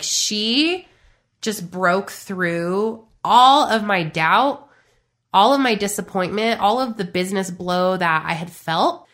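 Bright, emphatic woman podcast host. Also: mid-range voice. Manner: emphatic, chatty, addresses listeners directly. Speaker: podcast host and business coach. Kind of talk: casual motivational monologue.

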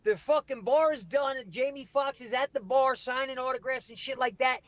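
A man's voice: very high voice, moderate pace, a bit bright, dry recording. A middle-aged man telling a rambling, profane story as a podcast guest, laughing as he goes. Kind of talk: casual storytelling.

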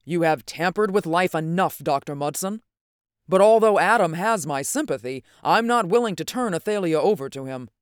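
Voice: medium pitch, a little slow, few pauses, darkish tone, no echo, close to an everyday voice. An indignant young man, as the reader puts him on in a storybook reading, urgent and pleading, lines pushed forward. The recording is dry and close. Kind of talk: audiobook character reading.

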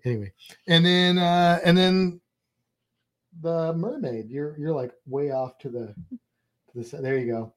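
A man co-hosting a casual show, talking in a relaxed, rambling way with many restarts. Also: a little high, a little slow, long pauses. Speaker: podcast co-host. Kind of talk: casual chat.

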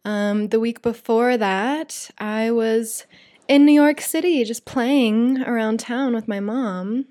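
A woman's voice: a little high, slow pace, dark tone. A woman hosts her own podcast alone. She talks in a loose, confiding way, full of fillers as she speaks straight to her listeners. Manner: chatty, confiding, many "like" and "you guys" fillers. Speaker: podcast host. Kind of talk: casual solo podcast chat.

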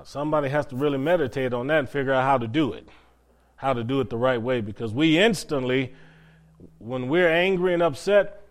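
A man preaching a sermon as pastor, asking rhetorical questions and stretching out key phrases for emphasis. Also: fairly high pitch.

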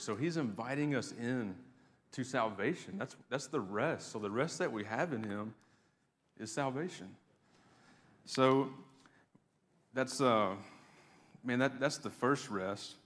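A man's voice: medium pitch, slow pace, long pauses, fairly bright tone. A man preaching a sermon to his church in a casual, conversational way, often repeating words as he goes. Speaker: pastor. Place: church sanctuary. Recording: long hall reverb.

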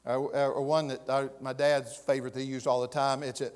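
A middle-aged man with a Southern US accent preaching a sermon as pastor, folksy and emphatic, swelling to loud peaks. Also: mid-range voice, little pitch movement, a little fast, clean tone, long reverb tail. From American South.

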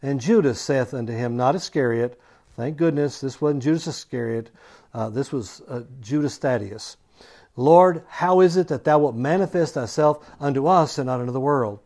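A man's voice: medium pitch, moderate pace. A male pastor preaching a sermon, reading scripture aloud and then explaining it, often repeating words and restating phrases for emphasis. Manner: reads scripture then preaches, swinging from loud emphasis to near-whispers.

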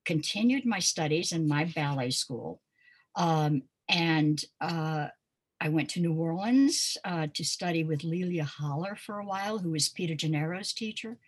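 An older woman from Pensacola tells stories as an interview guest. Her low voice carries a husky edge, and she talks conversationally with plenty of ums and uhs. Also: a little slow. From Pensacola, Florida. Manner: warm storytelling with frequent ums and uhs. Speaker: interview guest, dance teacher.

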